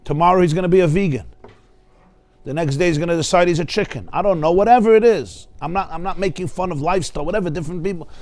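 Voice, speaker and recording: Man, rabbi, lively class lecture, fairly high voice, dry close sound. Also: fast talker, dry recording. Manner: animated, joking, acts out voices of people he describes. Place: study hall.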